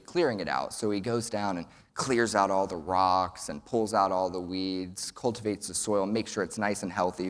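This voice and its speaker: A young man from Texas, giving an earnest prepared speech at a summit and telling a folksy joke. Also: low-pitched. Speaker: student speaker. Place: large event hall. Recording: long hall reverb.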